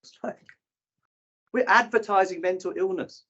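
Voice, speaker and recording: A man in his fifties gives a live breakout session talk in a conference room, animatedly telling stories and acting out what people said. His voice sits high, at a moderate pace, and the sound is lo-fi.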